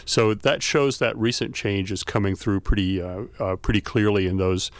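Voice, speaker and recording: A male academic guest on a radio show, thoughtfully explaining with frequent pauses and fillers. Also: lowish voice, no room sound. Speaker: guest expert, folklore and language scholar.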